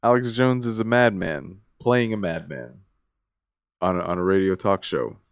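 An American man co-hosting a podcast, chatting casually, animated and swearing often. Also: low voice, normal speed, slight background noise. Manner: swears a lot, animated and joking. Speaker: podcast co-host.

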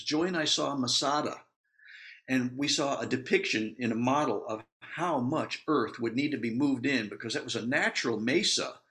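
Chatty, animated male Bible teacher. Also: mid-range voice. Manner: chatty, with asides and laughs; animated, acts out quotes.

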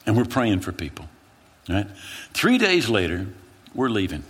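A male pastor preaching a sermon, telling a story in an animated, dramatic way with repeated phrases. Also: on the low side, unhurried, slightly rough.

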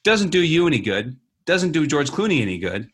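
Husky man, emphatic podcast co-host. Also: a little high, very animated, brisk, a bit bright. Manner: emphatic, acts out quoted people, frequent restarts. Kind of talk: casual opinionated chat.

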